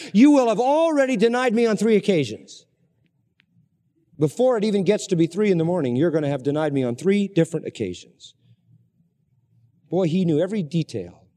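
Emphatic preacher man in a reverberant hall. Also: on the high side. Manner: emphatic preaching, swinging from loud to hushed. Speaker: pastor. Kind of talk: sermon.

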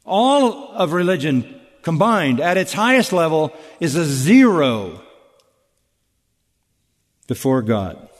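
A man preaching an expository sermon, emphatic and deliberate, asking rhetorical questions and repeating key phrases. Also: fairly high pitch, in a large hall. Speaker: pastor.

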